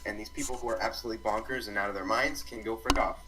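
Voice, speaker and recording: A young man in casual online chat on a voice call, rambling with restarts and animated outbursts. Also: on the low side, racing, crowd noise, low-quality recording. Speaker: podcast co-host. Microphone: computer mic on voice call.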